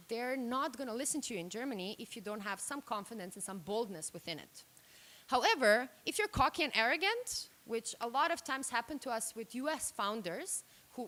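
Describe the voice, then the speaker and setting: A woman from Serbia and Slovenia giving a workshop talk at a microphone, direct and animated, acting out the reactions she quotes. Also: a little high. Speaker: workshop speaker. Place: room. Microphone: handheld microphone.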